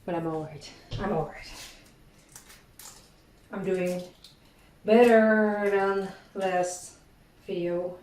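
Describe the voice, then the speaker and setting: A young woman talks her way through a bake at home, rambling and slightly out of breath, with self-deprecating asides. Her voice sits at an ordinary pitch but comes from a few steps away from the mic and echoes off the kitchen walls. Pots and dishes clatter clearly behind her. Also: fairly even intonation, slow, long pauses, darkish tone, far from the mic, a little hiss or hum. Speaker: cooking vlogger. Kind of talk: casual chat while baking.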